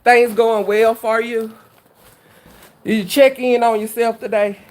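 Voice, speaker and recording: A woman's voice: a little high, flat delivery, a little slow, a little mellow. Woman host, chatty and folksy with viewers, casual live-stream talk. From Louisiana. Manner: chatty and folksy, heavy Southern slang. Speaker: cooking channel host.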